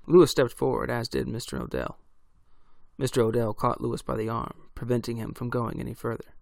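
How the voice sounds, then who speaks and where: A man narrating a horror story in a measured, deliberate way. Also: medium pitch, animated, vocal fry, dry recording, clean studio sound.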